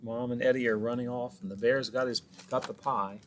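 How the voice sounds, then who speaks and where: A man's voice: medium pitch, steady tone, a little fast, slight background noise. A man who is a children's librarian, reading a picture book aloud with chatty asides to the children.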